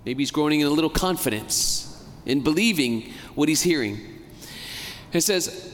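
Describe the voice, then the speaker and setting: Male priest, homily, somewhat high voice, chatty with questions to the congregation, long church echo, faint room hum. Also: lively intonation. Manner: conversational, asks the congregation questions; slows down and stretches key words for emphasis. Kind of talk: sermon.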